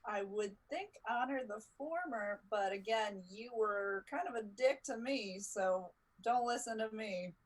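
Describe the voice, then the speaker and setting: A woman's voice: mid-range voice, a little slow, few pauses. A woman playing a tabletop game, chatting casually with dry, dismissive quips.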